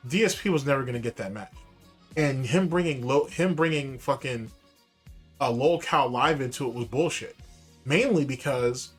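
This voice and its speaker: A male host giving casual, dismissive commentary on a clip he just played, using loose slang. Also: on the high side. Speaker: show host.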